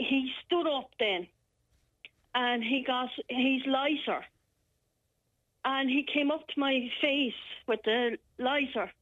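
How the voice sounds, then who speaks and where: An Irish woman phoning in, telling a frightening personal account in a halting, shaken way with many restarts. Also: sits high, a bit bright. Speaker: caller. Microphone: telephone. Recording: muffled telephone line.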